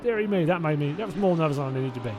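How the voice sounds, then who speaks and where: A man's voice: fairly high pitch, lively intonation, very fast, over music. Chatty man hosting a race watch-along. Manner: chatty, laughs often, reacts aloud to crashes. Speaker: streamer hosting a sim racing watch-along. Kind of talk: casual live-stream chat.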